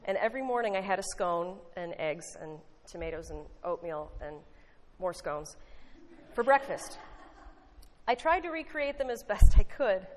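A woman's voice: mid-range voice, animated, normal speed, a little hiss or hum. A woman giving a sermon, mixing a folksy story with earnest teaching and wry asides. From United States. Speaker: lay preacher. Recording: long hall reverb.

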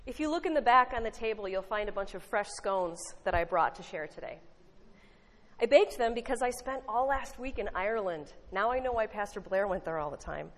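A woman's voice: mid-range voice, lively intonation, fairly quick. Woman preaching in an echoing hall. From United States. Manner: conversational, earnest, wry asides. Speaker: lay preacher. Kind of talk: sermon with storytelling. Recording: long hall reverb.

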